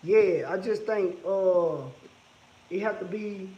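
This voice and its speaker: High-voiced man chatting on a livestream. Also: takes it slowly, reverberant, muffled recording. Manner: laid-back, candid, reads out viewer comments. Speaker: livestream host. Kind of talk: casual livestream chat with viewers. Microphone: phone.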